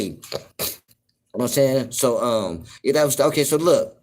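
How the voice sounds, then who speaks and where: A man with a fairly high voice rambles in a relaxed, drawn-out way, hosting his own livestream. He keeps tossing in "you know what I'm saying" between thoughts. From US West Coast. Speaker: livestream host. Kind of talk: casual livestream monologue.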